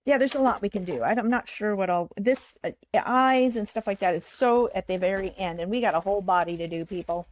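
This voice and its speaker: A woman's voice: mid-range voice, fairly quick, hardly any pauses. A woman hosting a livestream in which she builds a puppet. She talks casually and thinks aloud, and her sentences often trail off into murmurs. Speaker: puppet builder and show host. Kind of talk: craft livestream demonstration.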